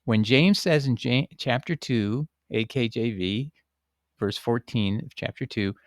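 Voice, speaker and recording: A man of middle pitch talks through a screen-shared passage and answers a viewer's objection. He is emphatic but rambling, and he restarts often. The sound is close and dry, with no room echo. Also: measured pace. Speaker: Bible teacher answering a viewer. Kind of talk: casual screen-share teaching.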